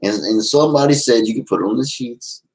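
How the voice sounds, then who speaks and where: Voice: mid-range voice, fast, darkish tone, low-quality recording. A live-stream host in casual, playful chat with viewers, giggling often and teasing in a folksy way.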